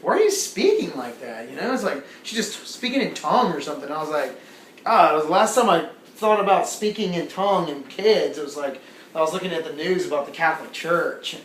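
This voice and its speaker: A young man on a small club stage, rambling through a profane stand-up story with a slightly high voice. The room rings with echo, and a faint hum of ambience sits underneath. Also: lively intonation, a little fast, fairly bright tone. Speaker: stand-up comedian. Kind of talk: stand-up comedy set.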